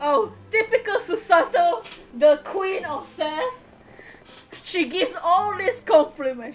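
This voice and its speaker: A woman's voice: very high voice, animated, slow, soft background music. A woman streamer giving live commentary on a game, giggly and sassy, with lots of exclamations.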